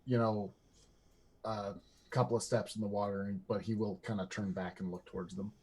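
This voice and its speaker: A man playing a tabletop game who describes his character's actions in a measured, calm way. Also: fairly low pitch, slight background noise. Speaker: player.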